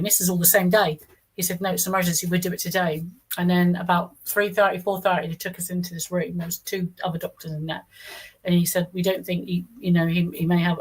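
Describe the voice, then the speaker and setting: A woman's voice: lowish voice, low-quality recording. A middle-aged woman, telling her own experience in a rambling, casual way, restarting sentences and acting out what others said. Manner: rambling, restarts often, acts out quoted speech. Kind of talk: casual first-person storytelling.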